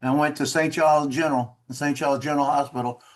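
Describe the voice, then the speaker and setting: A man's voice: on the high side, fairly even intonation, fast. A man casually telling a story over a video call, rambling and repeating words, laughing at his own tale.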